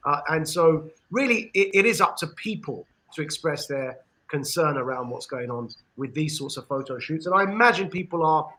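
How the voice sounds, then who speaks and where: A man with an English accent giving an earnest discussion monologue on a podcast, with frequent pauses and restarts. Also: on the high side, animated, sharp tone, low-quality recording. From England. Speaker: podcast panelist.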